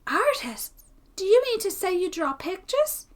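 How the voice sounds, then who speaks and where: A woman reading aloud and voicing a timid, gloomy young male barber's apprentice in a high, plaintive, weary voice. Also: very animated, unhurried, heavily acted. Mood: glum.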